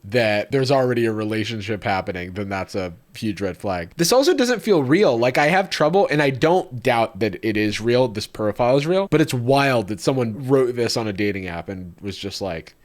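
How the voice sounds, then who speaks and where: Animated man joking through reactions. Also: mid-range voice, moderate pace, few pauses. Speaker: host. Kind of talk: casual reaction commentary.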